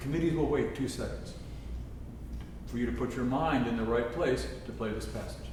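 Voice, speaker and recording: A man's voice: medium pitch, moderate pace, background noise. A man teaching a trombone masterclass, breaking into scat-sung phrases to show how passages should go. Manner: scat-sings musical phrases to demonstrate. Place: chapel used as a concert hall. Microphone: distant room mic. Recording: echoey hall from far off.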